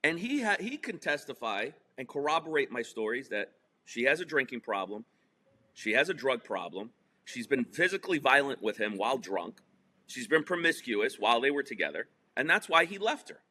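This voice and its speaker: A man's voice: mid-range voice, sing-song, normal speed, bright, forceful tone. A middle-aged man from New Jersey telling a story in a casual interview, emphatic and profane. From New Jersey / New York. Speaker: podcast guest.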